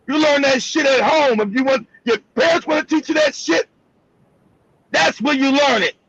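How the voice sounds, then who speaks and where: A man's voice: very high-pitched, creaky, fairly bright tone, husky, no echo, lo-fi sound. A man hosting a livestream, delivering heated, profane commentary with emphatic repetition. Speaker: livestream host.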